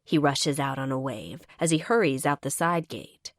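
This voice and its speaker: A woman's voice: a bass voice, a little slow, no echo, clean studio sound. A woman narrating a first-person romance audiobook in a wry, exasperated manner.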